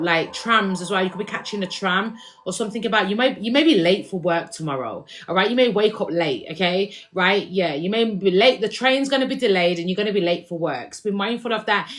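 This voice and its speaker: A woman in her thirties reads tarot cards for an online audience. She talks in a loose, slangy way, scattering quick check-ins to her listeners through every thought. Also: medium pitch, a bit bright. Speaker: tarot reader. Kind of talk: casual tarot reading to camera.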